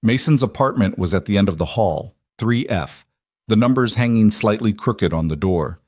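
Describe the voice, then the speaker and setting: A man with a low voice narrating a scripted story in a calm, even way. The recording is dry and close, with no room sound. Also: normal speed, no echo.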